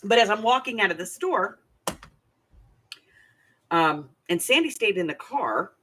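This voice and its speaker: A woman's voice: medium pitch, sing-song, measured pace, bright, forceful tone, a little hiss or hum. An older woman hosting a craft channel, telling a rambling, chatty story with many asides. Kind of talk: casual storytelling vlog.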